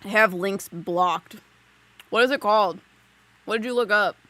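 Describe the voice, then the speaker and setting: A woman giving a psychic reading on a live stream from her desk at home. She rambles in a loose, giggly way and fills her sentences with casual filler words. Her voice sits in a middle pitch. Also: unhurried, a bit bright, no echo. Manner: chatty, giggly, lots of "like" fillers. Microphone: desk mic on a live stream.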